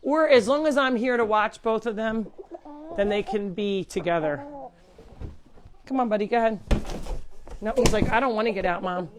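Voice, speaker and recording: A woman's voice: mid-range voice, moderate pace, long pauses, a little hiss or hum. A middle-aged woman hosting a casual live stream from her animal sanctuary at home, chatting and talking to her pets in a sing-song way. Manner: chatty, talks to animals in a baby voice.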